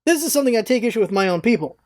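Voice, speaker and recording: A woman ranting in a casual vlog, animated and exasperated, laughing often and swearing freely. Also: on the high side, rapid-fire, dry recording. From United States. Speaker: vlogger, show host.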